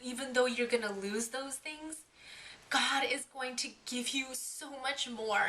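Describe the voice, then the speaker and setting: A woman's voice: high-pitched, unhurried, sharp tone. A young adult woman sharing her personal faith testimony in a heartfelt, earnest way, often restarting her sentences. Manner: earnest and emotional, with frequent restarts.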